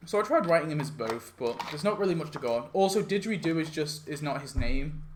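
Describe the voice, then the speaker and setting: A man's voice: on the high side, lively intonation, fast talker, background noise. A young man talking casually through a mobile game event idea, rambling with lots of "like" and self-corrections. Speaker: game YouTuber. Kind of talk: casual commentary on a game concept.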